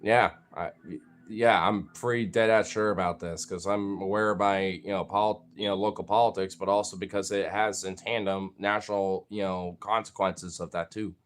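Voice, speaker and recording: A man talks casually and with plenty of profanity, rambling along with fillers and restarts in a steady tone at a moderate pace. Every so often he switches into high, playful baby talk aimed at his pets.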